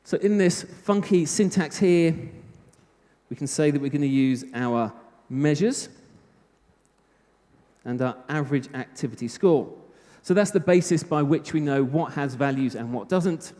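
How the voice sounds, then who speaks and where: A man's voice: fairly high pitch, unhurried, mellow. A British man giving a live technical talk at a conference, chatty with self-mocking humor. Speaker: conference speaker. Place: conference hall. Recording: reverberant hall.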